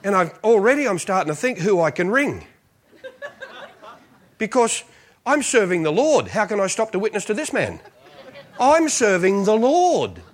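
A man's voice: high voice, normal speed, pauses often. A man, a visiting preacher telling funny stories in a sermon. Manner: animated, jokey storytelling. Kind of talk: storytelling sermon. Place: church.

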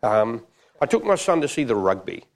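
A man's voice: mid-range voice, sing-song, normal speed, vocal fry. A man preaching a jokey, conversational sermon.

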